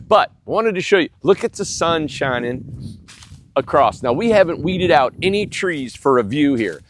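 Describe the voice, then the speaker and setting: A man with a head cold talks through a nasal voice, which sits a little high. He gives a plainspoken, folksy tour of building lots, pitching them to viewers. He is outdoors on a windy ridge with faint wind behind him. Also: sing-song, normal speed. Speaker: home builder giving a property tour. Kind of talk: casual sales walkthrough.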